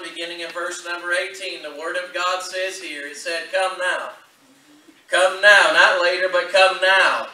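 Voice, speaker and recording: A man preaching a fervent sermon as a visiting missionary, with a repetitive cadence and drawn-out phrases, recorded in a church. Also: a little high, pushed and bright, slight background noise. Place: church sanctuary. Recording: echoey church from a distant mic.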